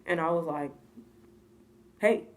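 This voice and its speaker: A young American woman telling a personal story in a casual vlog, chatty and expressive, often acting out what people said and laughing. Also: fairly low pitch, normal speed. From United States.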